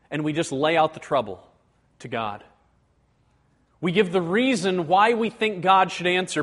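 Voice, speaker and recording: A man giving a teaching sermon in an earnest way, slowing and dropping low to stress a point. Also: expressive, a bit bright.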